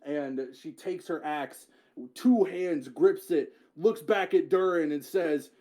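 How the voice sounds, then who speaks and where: A man's voice: fairly high pitch, slow pace, mellow. A man narrating a tabletop game as game master, casual, often swearing and correcting himself mid-sentence.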